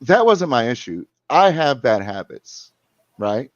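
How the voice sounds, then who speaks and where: A man's voice: mid-range voice, sing-song, a little slow, no echo. Rambling man on a muffled line. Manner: rambling, restarts and repeats while telling a story. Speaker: caller. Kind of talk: casual chat. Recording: muffled lo-fi sound.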